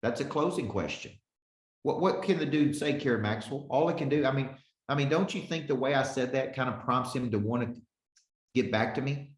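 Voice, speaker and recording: Man in his forties, business coach, live webinar teaching, energetic, roomy echo, mid-pitched voice. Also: fairly quick. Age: 40s. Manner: energetic, calls on listeners by name, keeps asking "okay?".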